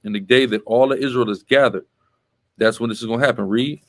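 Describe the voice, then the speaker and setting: A man's voice: medium pitch, quick pace. Emphatic man teaching a Bible class. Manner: emphatic, tags statements with "right?"; scolding, directs the reader.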